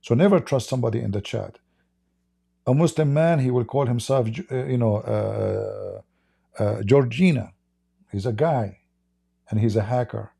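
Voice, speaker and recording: A man hosts a livestream and tells a long story in a loose, rambling way, acting out each side of the exchange. His voice is very dark and mellow, with a gravelly edge and a husky grain. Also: medium pitch, measured pace, pauses often. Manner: rambling, acts out quoted dialogue. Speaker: livestream host. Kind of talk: casual storytelling monologue.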